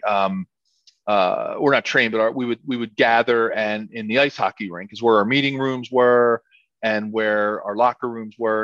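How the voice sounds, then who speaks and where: A middle-aged man spins long football stories in an easygoing interview, stumbling over and repeating words with plenty of fillers. His voice sits mid-pitch. The recording is dry and a bit dull and lo-fi. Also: fairly bright tone, no room sound. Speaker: former football lineman, guest. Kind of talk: casual interview storytelling.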